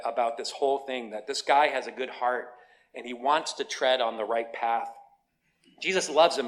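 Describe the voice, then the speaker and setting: A man's voice: mid-range voice, fairly bright tone. Conversational male pastor telling a story. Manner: storytelling, conversational, self-deprecating. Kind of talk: sermon.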